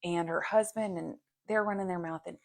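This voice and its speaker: A woman in her thirties with a fairly low, creaky voice talks briskly as a podcast co-host. She tells stories in casual chat, animated and loaded with fillers.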